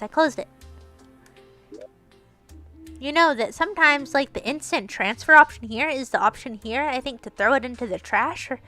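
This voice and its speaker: A woman's voice: fairly high pitch, sharp tone. A woman talking through her game in casual, playful commentary, chatty and narrating her own moves, with bursts of teasing mock scolding. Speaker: gaming streamer.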